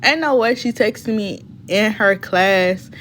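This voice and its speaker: Casual vlogger woman, mid-pitched, animated storytelling, curses freely, pitch leaps up when she's fired up. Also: slow, a little hiss or hum. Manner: animated, voice jumps high when she gets heated; blunt and profane.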